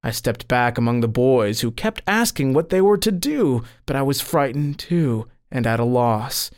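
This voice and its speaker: Male storyteller, middle-range voice, expressive scripted religious narration. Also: moderate pace. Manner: expressive storytelling, lifting pitch on quoted cries. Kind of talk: scripted narration of a saint's dream.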